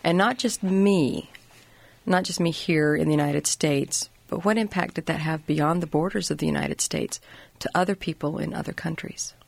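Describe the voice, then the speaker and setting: A woman hosting an interview, asking a long question in thoughtful, halting phrases. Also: low-pitched, vocal fry, dry recording. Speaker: host.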